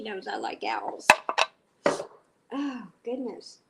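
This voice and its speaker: A middle-aged woman talks at an unhurried pace as she cooks on a live stream. She chats warmly with her viewers and wanders off into long stories. Her nose sounds a bit stuffy. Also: fairly high pitch, lively intonation, slight background noise. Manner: chatty, greets viewers by name, rambling stories. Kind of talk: casual chat while cooking.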